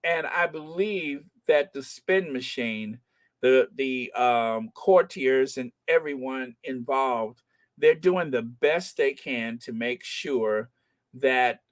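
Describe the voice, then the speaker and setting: Slow, rambling American man. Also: mid-range voice. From United States. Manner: chatty, rambling, joking asides with many fillers. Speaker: host of a royal news channel. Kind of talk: casual commentary.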